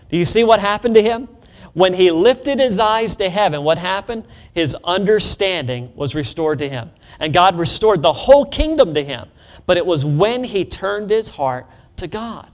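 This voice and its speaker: Male preacher, call-and-response sermon, slightly high voice, quick asides then slow emphatic declarations. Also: animated. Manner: call-and-response, leads congregation in repeating phrases.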